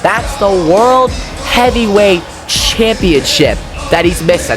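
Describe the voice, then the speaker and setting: A man giving casual, excitable wrestling commentary, chatty and quick to swear. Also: sits high, music in the background.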